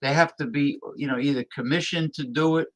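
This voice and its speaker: A man's voice: a little high, fairly even intonation, brisk, low-quality recording. A man in casual talk show conversation, speaking emphatically and often stopping to restart his sentences. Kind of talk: casual chat.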